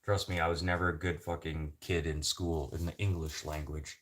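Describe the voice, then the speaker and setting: A man from Canada hosting a casual livestream chat, swearing freely and rambling between topics with sudden loud bursts. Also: a bass voice, level tone, normal speed. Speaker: livestream host.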